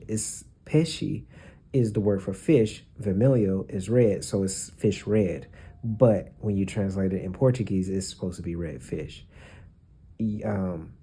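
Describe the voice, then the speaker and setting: A man's voice: fairly low pitch, slight background noise. A man, a flight attendant, chatting casually and rambling through a vlog with plenty of fillers. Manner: relaxed, rambling, thinking aloud with fillers.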